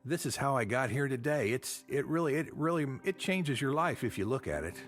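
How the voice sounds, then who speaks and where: A man's voice: mid-range voice, lively intonation, fairly quick, soft background music. A man hosting a genealogy show, talking in a folksy, chatty way with a lot of fillers. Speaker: podcast host. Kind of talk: casual chat.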